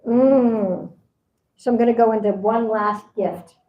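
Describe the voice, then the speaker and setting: A woman teaches a spiritual seminar conversationally, often acting out what people say. Her voice is fairly high and fairly even, a little slow, with phone-quality sound and a roomy echo.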